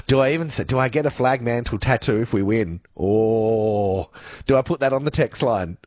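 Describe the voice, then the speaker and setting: A man with an Australian accent, presenting a radio show in a studio and reading listener texts in a chatty, excitable way. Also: medium pitch, moderate pace, dry recording. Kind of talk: casual radio chat.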